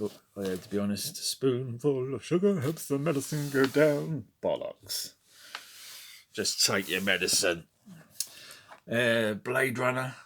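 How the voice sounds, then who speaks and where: Slow, wry man rambling. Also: low-pitched, a bit bright, slight background noise. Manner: wry, rambling, muttered asides, snatches of sung tunes. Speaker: collector showing his record collection. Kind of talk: casual chat.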